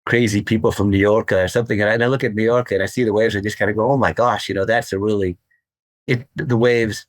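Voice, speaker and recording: An older man speaks as a guest in a podcast interview, with a fairly low voice. He talks with rambling enthusiasm and often repeats words as he goes. The recording is close and dry. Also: no echo. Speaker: guest, surfboard craftsman.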